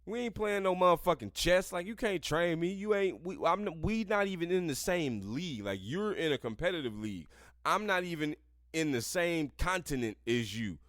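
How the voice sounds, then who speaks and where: A man's voice: a little high, animated, moderate pace, fairly bright tone, no room sound, studio quality. Profane ranting male podcast host. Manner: crude, combative ranting. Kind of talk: profane commentary on articles.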